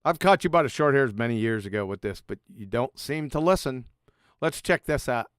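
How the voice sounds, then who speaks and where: A man's voice: mid-range voice, lively intonation, brisk, smooth, dry recording, studio quality. A man giving a mocking, profane presentation over slides, sarcastically addressing an absent author as he goes. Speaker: video presenter.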